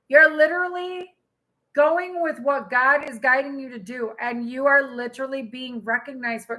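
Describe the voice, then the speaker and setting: A woman giving an excitable live tarot reading to her viewers, exclaiming often and addressing them directly. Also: high voice, rough recording. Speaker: tarot reader.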